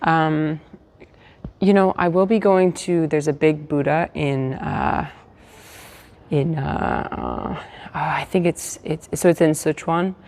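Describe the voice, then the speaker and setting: Speaking slowly in a low, darkish voice, a woman from the United States rambles through a casual hotel-room livestream, full of fillers and restarts. She's making an effort to stay quiet.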